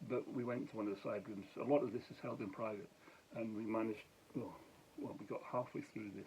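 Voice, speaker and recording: Casting note: tired, middle-aged Scottish man, lowish voice, rambling anecdote with restarts and chuckles, faint hiss behind. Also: steady tone, a little fast, darkish tone, rough recording. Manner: meandering, many restarts and asides, chuckles. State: tired, late at night. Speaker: vlogger, former police officer. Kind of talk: rambling late-night storytelling.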